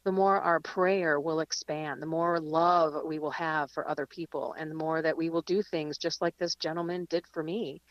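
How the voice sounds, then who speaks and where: A woman guest calling in to a radio show from her car, telling a lively story and laughing easily. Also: low voice, moderate pace, hardly any pauses, no echo, dull audio. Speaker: guest speaker. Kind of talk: live radio chat and reflection. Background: rain.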